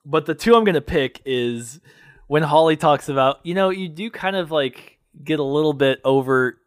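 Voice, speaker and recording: A young man with a slightly high voice chats easily and laughs often as he retells scenes he loves. The sound is dry, with no room echo at all. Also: moderate pace. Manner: giggly, animated storytelling with frequent laughter. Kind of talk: casual chat.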